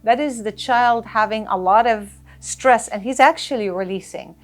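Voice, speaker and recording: Speaking at a normal speed in a slightly high voice, this woman is a life coach being interviewed. She gives animated, sincere advice on handling stress, acting out small example scenes as the conversation goes on.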